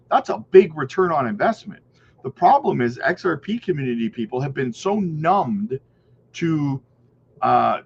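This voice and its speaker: A man's voice: fairly high pitch, highs cut off, slight background noise. A man hosting a crypto channel, chatting casually, rambling a little and answering viewer questions. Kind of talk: casual livestream chat and news reading.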